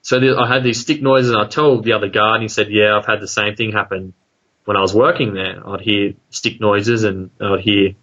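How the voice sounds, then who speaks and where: An Australian man tells a long personal story in a loose, rambling way, packed with fillers and asides. His voice sits on the low side. The audio is dull and lo-fi, like a call recording. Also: steady tone, fairly quick, fairly bright tone. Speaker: guest telling an encounter story. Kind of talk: casual storytelling.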